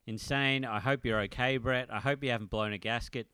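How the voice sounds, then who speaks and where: A man's voice: mid-range voice, steady tone, brisk, pushed and bright, clear, resonant tone, no echo, studio quality. Teasing man on a podcast call. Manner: teasing, laughing, prompting questions. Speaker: podcast co-host. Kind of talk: casual chat over a video call.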